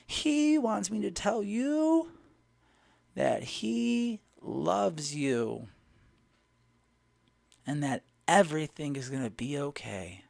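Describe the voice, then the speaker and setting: A seventy-year-old woman, eccentric and trembling, speaks a prophecy with her eyes closed, as a man puts her on. Her voice rises high above the storyteller's own and drags out each word in a slow quaver. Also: very animated, creaky, darkish tone, no echo, heavily acted. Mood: prophetic.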